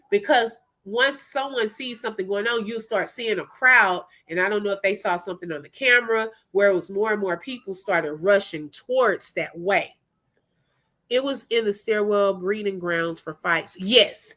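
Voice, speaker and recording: Woman host, middle-aged, higher voice, lively and chatty, greets her viewers. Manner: animated, laughs often, greets viewers. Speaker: livestream host. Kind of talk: casual live-stream chat.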